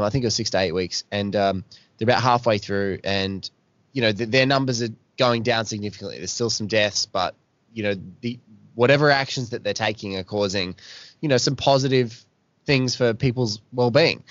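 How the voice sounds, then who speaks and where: A man's voice: lowish voice, moderate pace, fairly bright tone, no room sound. An Australian man hosting a podcast, ranting in exasperated casual chat with some swearing. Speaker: podcast host. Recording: dull lo-fi dry audio.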